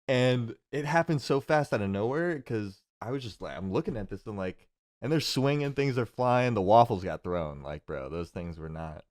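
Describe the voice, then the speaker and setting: A man's voice: fairly low pitch, lively intonation, normal speed. A young man telling a long story in casual podcast chat, with lots of fillers and laughs. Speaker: podcast co-host.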